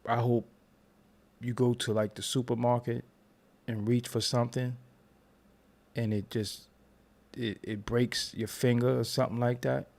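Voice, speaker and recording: A man's voice: medium pitch, little pitch movement, a little slow, vocal fry, pauses often, a little mellow. A man hosting a casual live stream, loose and rambling, tired and yawning between repeated phrases. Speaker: YouTube commentary host.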